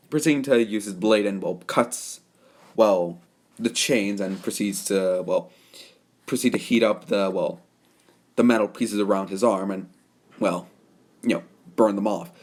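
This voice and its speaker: A man's voice: fairly low pitch, unhurried, long pauses. A young man narrating a fan story off the cuff, rambling with many fillers and self-corrections.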